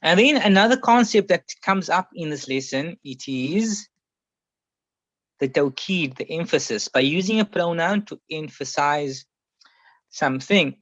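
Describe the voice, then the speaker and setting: A man's voice: fairly high pitch, animated, measured pace, fairly bright tone, no echo. A man teaching a classroom Arabic grammar lesson, patiently explaining and repeating each example several times. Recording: muffled, slightly lo-fi sound.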